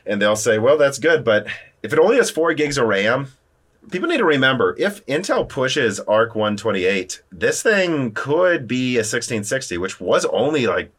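A man hosting a casual tech chat, animated and talking through quick restarts. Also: breathy edge. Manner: animated, talks through restarts, lively pitch jumps. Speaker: podcast host.

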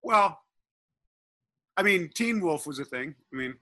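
A man's voice: on the high side, lively intonation, unhurried, sharp tone, dry recording, clean studio sound. A man on a podcast panel, teasing the storyteller with joking questions in casual banter. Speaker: regular panelist.

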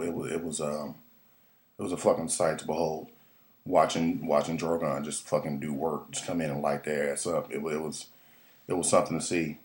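Very deep-voiced man, profane casual recap. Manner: profane, excitable, rambling with many fillers. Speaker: podcast host recapping a TV episode.

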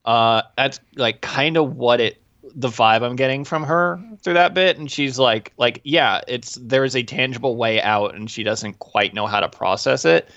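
A man co-hosting a podcast in a casual film discussion, thoughtful and full of restarts. His voice is mid-pitched. The sound is dry and a bit dull, like a modest home mic. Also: normal speed, a bit bright, dry recording. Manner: thoughtful, hesitant, with frequent restarts and "like" fillers. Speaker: podcast co-host.

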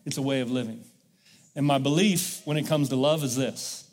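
A man's voice: medium pitch, moderate pace, a little mellow. Man preaching in a reverberant church. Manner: call-and-response, urging the congregation to repeat. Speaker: pastor. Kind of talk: sermon. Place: church sanctuary.

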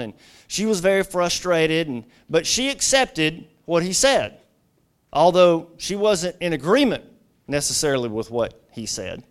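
A man's voice: a little high, a bit bright, clear, resonant tone. A middle-aged man preaching a sermon as a guest pastor, telling stories conversationally with lots of "you know" asides.

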